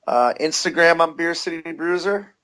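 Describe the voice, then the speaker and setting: A man's voice: a little high, normal speed, fairly bright tone. A man, a wrestler guest, answering interview questions casually with lots of fillers.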